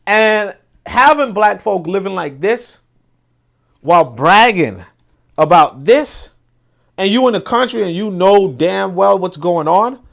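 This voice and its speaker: High-pitched and gravelly, a male podcast host riffs on politics casually and with plenty of profanity and animation. Repeated words mark his frequent sentence restarts.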